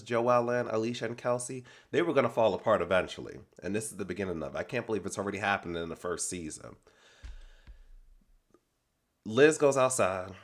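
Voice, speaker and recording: Man, lowish voice, for a sassy, animated reality TV recap vlog. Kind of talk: casual reality TV recap commentary.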